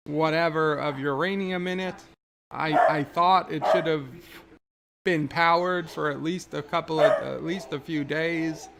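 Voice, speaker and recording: A man's voice: a little high, vocal fry, heavy background noise. A man hosting a casual livestream, chatting loosely and reading viewer comments aloud, often restarting his sentences. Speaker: livestream host.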